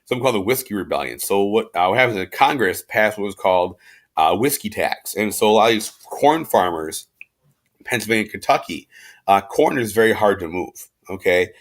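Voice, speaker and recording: In a casual recorded class, a history teacher lectures fairly quickly in a lowish voice. His informal, slangy chat is sprinkled with fillers and restarts, and he acts out quotes as if in everyday conversation.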